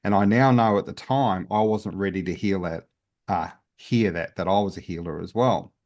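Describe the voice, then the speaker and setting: Low-voiced man telling his story earnestly. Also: moderate pace, darkish tone. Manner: earnest, open storytelling with many restarts. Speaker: guest, spiritual healer. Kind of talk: casual interview chat.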